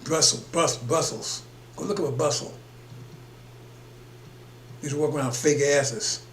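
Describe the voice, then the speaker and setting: In this preaching broadcast, the man's voice sits on the high side and moves at a measured pace. He chuckles between points as he preaches in an emphatic, rambling style, recorded in an echoey room with a faint hum.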